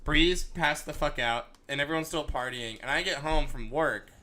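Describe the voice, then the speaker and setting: Profane, bright-voiced male storyteller. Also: a little high, moderate pace. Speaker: podcast co-host. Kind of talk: casual chat.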